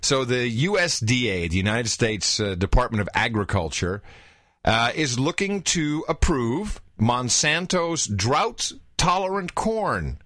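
A man hosts a casual talk show and reacts to the news with animated disbelief. His pitch swings widely. The recording is close and dry. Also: a little slow, no echo. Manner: incredulous, animated, fond of the word "wow". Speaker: podcast host.

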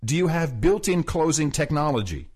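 A man's voice: a little high, expressive, moderate pace, a little mellow, husky. A man co-hosting a podcast in casual chat, rambling and laughing often as he tells stories. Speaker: podcast co-host. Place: rented apartment abroad.

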